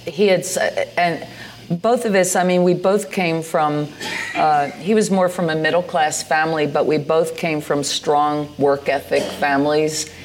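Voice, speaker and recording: Speaking into a venue microphone as a guest in a live on-stage interview before an audience, an American woman in her sixties, a poet and artist, tells rambling stories, hesitant and heavy with fillers and restarts. Her deep voice holds a steady tone at a measured pace, with a little hiss or hum.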